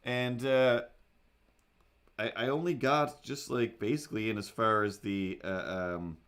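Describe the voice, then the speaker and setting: A man hosting a livestream who tells a story casually and animatedly, acting out his own thoughts and other people in a higher voice. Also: fairly even intonation, a little slow, fairly bright tone, clean tone. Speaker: livestream host. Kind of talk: casual storytelling while drawing.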